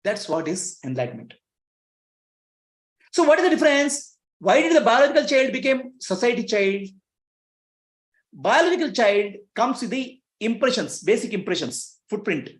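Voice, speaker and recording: A male spiritual teacher talks to his listeners in an echoey room. His pitch rises and falls freely as he asks them rhetorical questions and chuckles between points. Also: big pitch swings, moderate pace.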